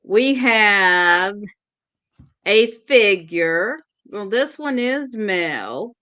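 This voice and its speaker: A woman with a Southern accent co-hosting a casual livestream chat, explaining things in a measured way. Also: medium pitch, big pitch swings, pushed and bright, clear, resonant tone. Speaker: co-host.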